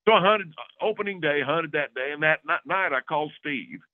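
A man, a podcast guest, telling a long story in a casual, lively way and acting out the other people's lines. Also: a little high, a little fast, no room sound. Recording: tinny phone-like dry recording.

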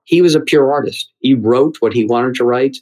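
A middle-aged man, a theater writer and former talk show host, telling a story in an interview, lively with halting restarts. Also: mid-range voice, low-quality recording. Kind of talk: anecdotal interview answer.

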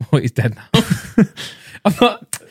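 A man's voice: high voice, big pitch swings, takes it slowly, a little mellow, husky, dry recording, studio quality. Chatty young man hosting a podcast. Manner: rambling, laughs easily, hypes the sponsor. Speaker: podcast host. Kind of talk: casual chat with read ad.

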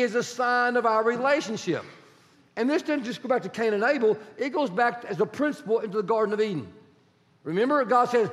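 Animated male pastor preaching in a hall. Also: extremely high pitch, fairly quick. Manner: animated, conversational preaching with acted-out dialogues. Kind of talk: sermon. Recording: long church hall reverb.

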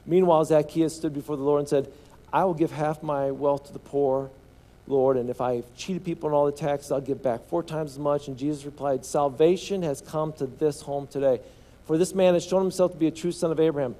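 A man preaches a sermon in a mellow, somewhat high voice. He asks the congregation questions and has them answer. He often stumbles and repeats words before pushing on. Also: brisk. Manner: call-and-response with congregation. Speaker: pastor.

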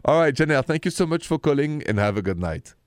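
A man's voice: on the high side, big pitch swings, clean tone, no echo, studio quality. A man with a French accent hosting a late-night radio call-in show, chatty and openhearted. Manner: warm-hearted, chatty, repeats the phone number slowly. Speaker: radio host.

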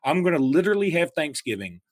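A man's voice: fairly high pitch, big pitch swings, fast talker, no room sound. Wry rambling podcast host, man. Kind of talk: casual chat.

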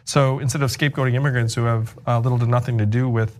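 A man's voice: medium pitch, steady tone, fast talker, slight background noise. A man from the United States, a presidential candidate as a guest, answering interview questions in a loose, chatty way with many fillers and restarts.

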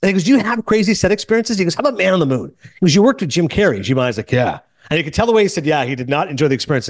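A man hosting a casual movie podcast, telling stories quickly and acting out the people he quotes. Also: fairly high pitch, no room sound, clean studio sound. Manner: fast, animated storytelling with quoted voices. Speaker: podcast host.

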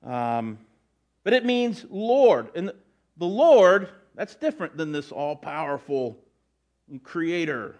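A middle-aged male pastor delivers a sermon in a loose, conversational manner. He restarts phrases and drops in asides as he explains, his voice sitting a little higher than most men's. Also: big pitch swings, slow, a little mellow.

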